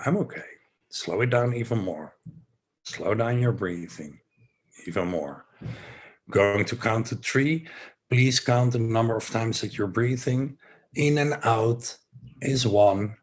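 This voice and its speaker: A man from the Netherlands leading a guided breathing session, giving slow, soothing instructions with some relaxed, rambling asides. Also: on the low side. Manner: relaxed, rambling, self-joking.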